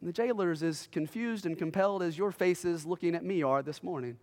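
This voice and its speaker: High-voiced man preaching in a hall. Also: a little fast, hardly any pauses. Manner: dramatic storytelling, big swings between loud and hushed. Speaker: pastor. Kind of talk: sermon. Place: church sanctuary.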